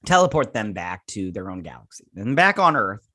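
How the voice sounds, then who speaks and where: A man's voice: on the low side, sing-song, moderate pace, sharp tone, no echo. Guy doing a snarky recap rant, mocks everything, dry close sound. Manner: sarcastic, mocking, acts out characters in silly voices. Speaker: video host reviewing a TV episode. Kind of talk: casual spoiler recap and rant.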